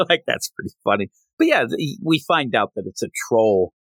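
A man hosting a podcast, chatting casually about comic books and retelling scenes with quick voiced quotes. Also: medium pitch, big pitch swings, fairly bright tone, dry recording. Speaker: podcast host. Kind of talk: casual comic book review chat.

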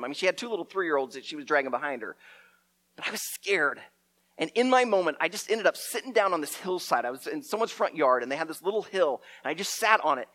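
A middle-aged man telling a story as a preacher, animated and often repeating his words. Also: high-pitched. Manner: lively storyteller, acts out shouted quotes, stumbles and repeats words.

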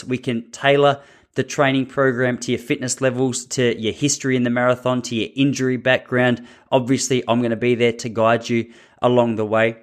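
A man hosts a running podcast in a mid-pitched voice. He talks in an upbeat, chatty way, slipping in jokes as he goes. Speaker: podcast host. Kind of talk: casual podcast chat.

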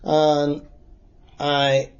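A man in his sixties with a Derry accent, recalling past events in a halting, plain-spoken way during an oral history interview. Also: fairly high pitch, completely flat delivery. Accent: Northern Irish, Derry. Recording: dull lo-fi recording.

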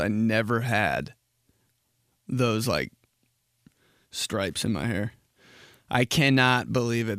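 Young male podcast host, mid-pitch, rambling and crude, dry close-mic sound, casual solo monologue. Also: no echo. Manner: rambling, profane, jumps into loud impressions.

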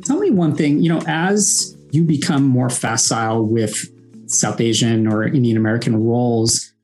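A man hosting an interview, reading an introduction and asking earnest, measured questions. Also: medium pitch, darkish tone, faint music behind. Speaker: podcast host.

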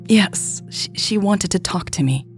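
Woman narrator doing a sleepy flustered woman, stammering, raised pitch. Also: lively intonation, measured pace, faint music behind, lightly acted. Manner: stammering, pleading.

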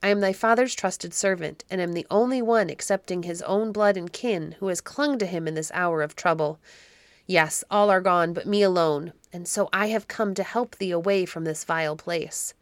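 A woman reading the lines of a gruff, loyal male servant, rough-spoken but kind to a child. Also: lowish voice, normal speed, no echo, lightly acted. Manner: gruff, blunt.

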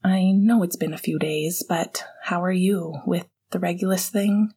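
A woman voicing a tired, caring young male hockey player, speaking quietly and mostly in a whisper. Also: lowish voice, fairly even intonation, unhurried, slightly rough.

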